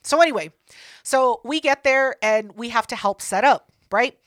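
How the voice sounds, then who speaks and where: A woman co-hosting a podcast, telling a story in casual chat, profane and animated, acting out what people said. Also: fairly high pitch, normal speed, no room sound, clean studio sound. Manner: profane, animated, acts out quotes. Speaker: podcast co-host.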